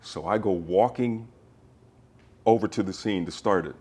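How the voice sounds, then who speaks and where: A middle-aged actor, a man, telling an anecdote in an interview, lively in the story and earnest when sincere. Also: deep voice, moderate pace, husky.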